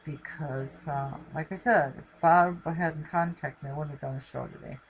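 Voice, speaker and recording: A middle-aged woman with a deep voice signs off her live stream from home, talking to the camera with her dog beside her. Her tone is steady and her speed normal as she rambles casually with lots of fillers. The recording is rough.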